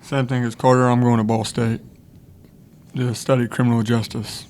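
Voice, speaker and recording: A man's voice: mid-range voice, level tone, normal speed, darkish tone. A young man, a student athlete, answering interview questions briefly and matter-of-factly. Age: young adult. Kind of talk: casual interview chat.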